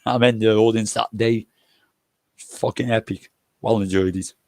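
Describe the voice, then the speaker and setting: Older man, gravelly voice, dry close sound, casual swearing storyteller. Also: on the low side, fairly even intonation, unhurried, darkish tone, no room sound. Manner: swears freely, loose and jokey. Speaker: livestream host. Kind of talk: casual rambling anecdotes.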